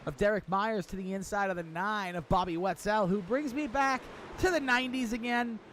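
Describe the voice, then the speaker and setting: Casting: energetic male race commentator, bright high voice, faint noise underneath. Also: normal speed. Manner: energetic, chatty, builds hype at the start. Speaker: sim racing commentator.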